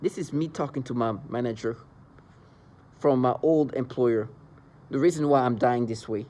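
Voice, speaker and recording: A man's voice: mid-range voice, normal speed, warm tone. A man delivering an agitated, rambling monologue into the camera, with mocking asides. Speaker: vlogger describing being targeted. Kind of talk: angry monologue.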